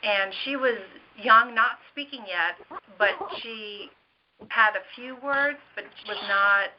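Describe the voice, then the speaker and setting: A woman speaking as an interview guest in casual chat, telling family anecdotes in an animated way. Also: a little high, takes it slowly, background noise. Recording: dull lo-fi audio.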